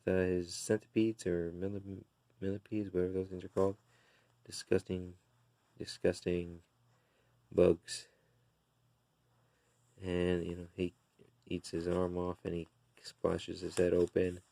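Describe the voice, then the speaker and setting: Slow, gravelly low-voiced man recapping comics. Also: no room sound. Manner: slow, relaxed retelling with fillers and restarts. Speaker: comic book reviewer.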